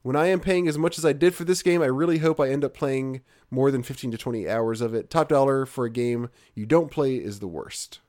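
A man's voice: mid-range voice, brisk, few pauses, darkish tone. A man co-hosting a casual gaming podcast, reading listener comments aloud and chatting with fillers. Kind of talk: casual chat.

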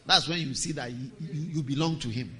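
A middle-aged man, preaching a sermon as pastor, emphatic and sometimes shouting. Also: mid-range voice, fairly quick, a little hiss or hum.

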